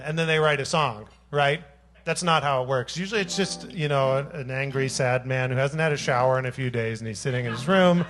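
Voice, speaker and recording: A man's voice: a little high, normal speed, fairly bright tone. A man who writes songs, joking and telling a playful story to a club audience between numbers. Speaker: singer-songwriter. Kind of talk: stage banter between songs. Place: small jazz club on stage.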